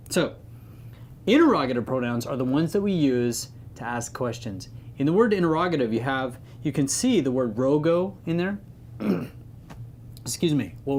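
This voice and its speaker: A man's voice: medium pitch, darkish tone, slight background noise. Man teaching a chatty Latin lesson. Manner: chatty, playful, stresses key words. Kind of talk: informal grammar lesson.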